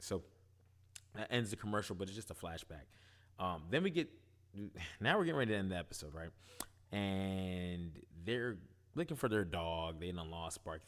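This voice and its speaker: A man casually recapping and reviewing a TV episode, animated, asking "right?" often. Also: low voice. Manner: animated, retells scenes, quotes characters, frequent "right?". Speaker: show reviewer.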